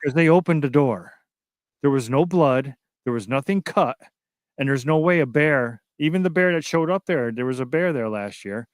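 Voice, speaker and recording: A man's voice: mid-range voice, expressive, normal speed, no echo, clean studio sound. A man on a radio show talking casually, emphatic and repeating words to drive his point home. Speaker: guest.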